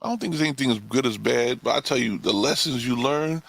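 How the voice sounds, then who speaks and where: A man co-hosting a podcast who talks through ideas in a thoughtful, relaxed way and laughs along. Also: medium pitch, fast, creaky, breathy edge. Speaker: podcast co-host. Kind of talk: casual reflective chat.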